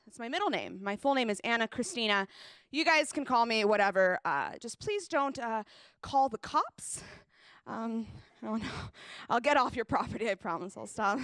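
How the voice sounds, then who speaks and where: A woman's voice: on the high side, a bit bright, no room sound. A woman performing a chatty stand-up set on a comedy stage, often turning to the crowd with asides. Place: comedy stage before a live audience.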